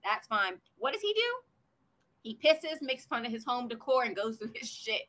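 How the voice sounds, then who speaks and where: Podcast co-host, woman; bright, high voice that swoops around, profane animated storyteller. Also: moderate pace, slight background noise. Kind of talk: casual podcast chat.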